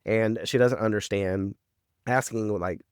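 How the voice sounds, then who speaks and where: A man's voice: fairly low pitch, steady tone, measured pace, smooth, dry recording, clean studio sound. A man co-hosting a podcast, recapping a TV episode in rambling casual chat full of fillers and swearing.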